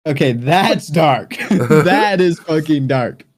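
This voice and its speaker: A man's voice: fairly high pitch, lively intonation, slow. A man hosting a podcast who reacts to his friends with wry jokes. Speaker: podcast host. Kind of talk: casual podcast chat.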